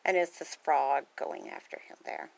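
In a low, creaky voice at a moderate pace, a woman reads a picture book aloud with casual commentary, laughing, gasping and chatting between pages and bringing the characters' lines to life. A faint hiss or hum runs underneath.

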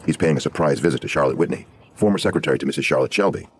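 A man narrating a true crime podcast in a brisk, hard-boiled storytelling manner. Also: extremely low pitch, slightly rough.

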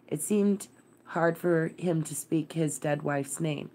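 A woman narrating a classic novel as a gentle, measured bedtime read-aloud. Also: low-pitched. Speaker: storyteller.

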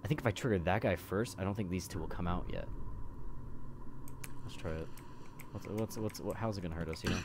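Young gamer, low voice, yelps and swears through scares, background noise audible. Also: male voice, fairly quick, long pauses. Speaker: gameplay commentator. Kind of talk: horror game let's play commentary.

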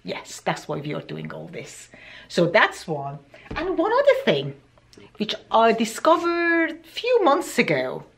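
A woman's voice: a little high, huge pitch swings, vocal fry, fairly bright tone. A woman with an accent, chatting unhurriedly through a beauty product review with plenty of ums. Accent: non-native English accent. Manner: chatty and deliberate, many ums. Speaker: beauty vlogger.

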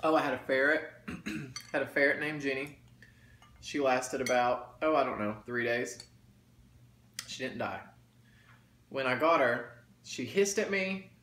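A man's voice: mid-range voice, unhurried, pauses often, a bit bright. A man chatting casually to viewers while eating, folksy and talkative. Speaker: mukbang vlogger. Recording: roomy echo, faint background noise.

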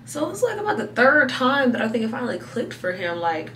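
A woman vlogging at home at night, telling a story to the camera in an animated way and laughing between lines. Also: fairly high pitch, a little fast, few pauses, recorded from a distance, slight background noise. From Atlanta, USA. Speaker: lifestyle vlogger. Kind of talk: casual story time to camera. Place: home room at night, getting ready for bed. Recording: echoey room, voice a bit off-mic.

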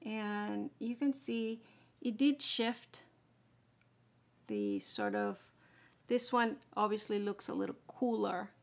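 A woman's voice: medium pitch, very animated, slow pace, vocal fry, long pauses. A woman chatting casually through a makeup tutorial, explaining each step as she applies it. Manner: chatty, explaining steps while applying makeup. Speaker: beauty vlogger.

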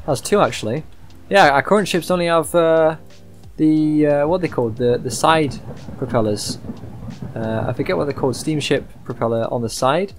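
A man giving casual, chatty commentary while playing a game, thinking aloud with excitable outbursts. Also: on the high side, normal speed, faint music behind. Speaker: gaming YouTuber. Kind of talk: casual let's-play commentary.

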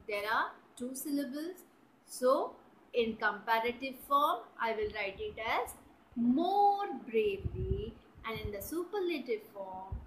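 Slow, bright-voiced woman teacher. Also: high voice, slight background noise, low-quality recording. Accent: Indian English. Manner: spells out words and checks understanding with "right?" and "clear?". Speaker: English teacher. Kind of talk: slow, deliberate grammar lesson for children.

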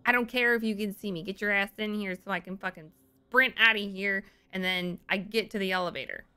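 Bright-voiced panicky woman streamer. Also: medium pitch, fairly even intonation, brisk, clean tone. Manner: panicky, swearing, repeats phrases, drops to whispers. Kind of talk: live horror game commentary.

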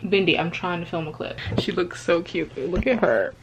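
A woman's voice: lowish voice, normal speed, noisy background. A young woman book vlogger chatting casually at home, gushing and swearing freely. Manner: gushing, profane, jokey. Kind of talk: casual reading vlog chat.

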